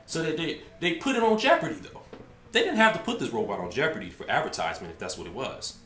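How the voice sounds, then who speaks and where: A man's voice: mid-range voice, sing-song, quick pace, sharp tone, echoey room, slight background noise. A man talking to camera in a rambling, emphatic way, often restarting his sentences. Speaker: vlogger. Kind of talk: casual monologue to camera.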